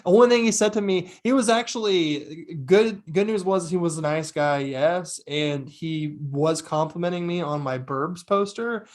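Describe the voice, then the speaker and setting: Excitable young man telling a story. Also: on the high side, normal speed, hardly any pauses. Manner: excitable storyteller, laughs often. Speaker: podcast co-host. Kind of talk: casual chat.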